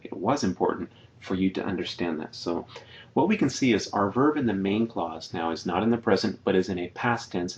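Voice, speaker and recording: A man's voice: lowish voice, highs cut off. A man teaching a Spanish grammar lesson over slides, patiently explaining and repeating each example sentence. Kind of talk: slide-based grammar lecture.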